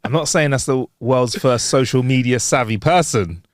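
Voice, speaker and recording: A man co-hosting a podcast, casually reading jokes aloud and laughing loudly at his own punchlines. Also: mid-range voice, moderate pace, no room sound, studio quality. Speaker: podcast co-host. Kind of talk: casual joke-telling chat.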